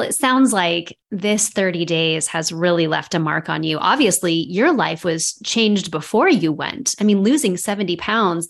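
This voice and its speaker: A woman hosting a casual interview, encouraging her guest with quick affirmations. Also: lowish voice. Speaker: podcast host.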